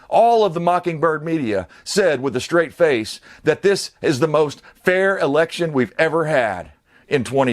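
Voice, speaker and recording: A man giving a casual, rambling political rant as an online commentator, blunt and profane. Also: fairly high pitch.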